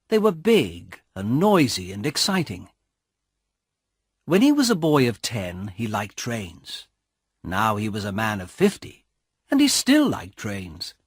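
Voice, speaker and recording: A man reads a storybook aloud slowly, with a husky voice. His pitch moves in a lively way, and the sound is close and dry. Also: no room sound. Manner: slow, careful storytelling. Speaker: narrator. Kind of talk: graded-reader story narration.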